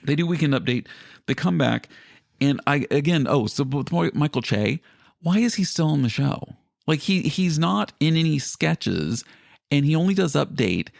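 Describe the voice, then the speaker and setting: A man co-hosting a podcast, recapping a TV episode in casual chat with rambling, animated retellings and quoted voices. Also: on the high side, normal speed, gravelly, dry recording, studio quality. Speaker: podcast co-host.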